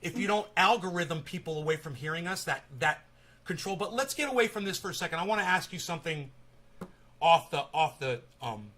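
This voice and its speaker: Chatty, bright-voiced man host. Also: on the high side, lively intonation, fairly quick. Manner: chatty, rambling, opinionated. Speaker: live-stream host. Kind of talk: casual live-stream interview.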